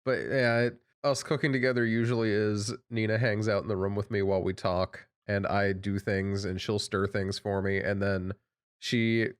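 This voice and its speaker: A man's voice: fairly low pitch, little pitch movement, moderate pace, clear, resonant tone. A young man co-hosting a casual podcast chat, dry and self-mocking as he tells stories. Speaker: podcast co-host.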